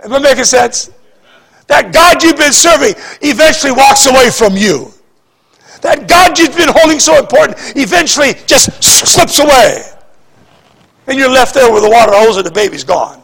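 A pastor preaching a sermon, repeating words and swinging between shouting and hushed speech. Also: male voice, very high voice, lively intonation, normal speed, vocal fry, slightly rough.

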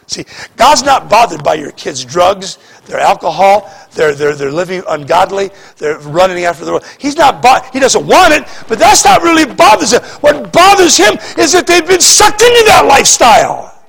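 A pastor preaching a sermon, repeating words and swinging between shouting and hushed speech. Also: male voice, sits high, very animated, moderate pace, vocal fry.

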